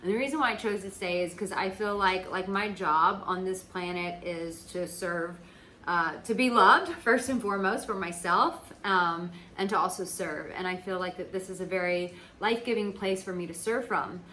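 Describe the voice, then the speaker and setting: A woman's voice: on the low side, normal speed, pushed and bright, slight background noise, poor audio. A woman from the United States, a dating coach, talking casually and emphatically to her audience, swearing freely and filling her speech with "like.". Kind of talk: casual talk to camera.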